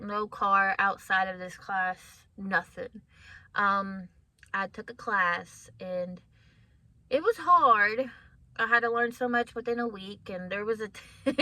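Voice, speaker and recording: A woman's voice: medium pitch, pushed and bright, no room sound. A woman in her thirties casually telling a personal story to her viewers, candid and chatty, often laughing and calling them guys. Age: 30s. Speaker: vlogger.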